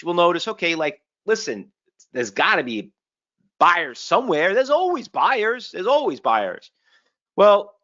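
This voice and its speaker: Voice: mid-range voice, a bit bright. Punchy webinar trading presenter, dull lo-fi sound. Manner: punchy, street-smart, full of rhetorical questions and tag "okay?". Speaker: trading educator presenting at an online conference. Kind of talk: live webinar presentation walking through charts.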